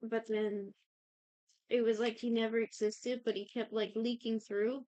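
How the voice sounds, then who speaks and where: A woman's voice: on the high side, little pitch movement, mellow, no room sound. A young woman podcast co-host casually recapping a TV series, rambling and swearing, often acting out characters' lines. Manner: rambling, profane, quotes characters in quick asides. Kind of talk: casual chat.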